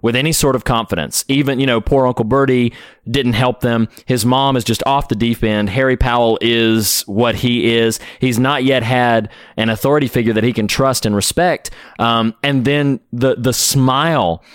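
A man's voice: mid-range voice, fairly even intonation, moderate pace, clear, resonant tone, dry recording, studio quality. A man co-hosting a podcast, talking about a classic film with heartfelt enthusiasm. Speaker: podcast co-host. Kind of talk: casual film discussion.

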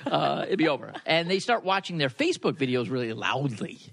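A man's voice: on the high side, big pitch swings, a little fast, creaky, fairly bright tone. A man co-hosting a podcast in casual chat, reading listener posts aloud and joking at his own expense. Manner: joking, self-deprecating. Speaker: podcast co-host.

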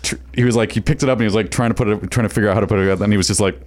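A man co-hosting a podcast, dropping dry, deadpan quips in casual banter. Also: on the low side, rapid-fire.

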